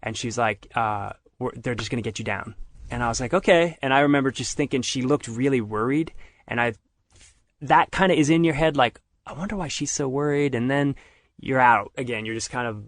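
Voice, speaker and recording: A man's voice: medium pitch, fairly quick, dry recording. A middle-aged man telling a story in casual conversation, acting out what other people said. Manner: animated retelling, acts out others' lines. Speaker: podcast guest.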